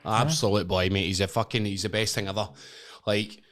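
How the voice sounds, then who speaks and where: Animated Scottish man telling stories. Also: fairly low pitch, brisk. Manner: animated, swearing, acts out voices. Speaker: podcast guest, wrestler. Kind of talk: casual storytelling chat.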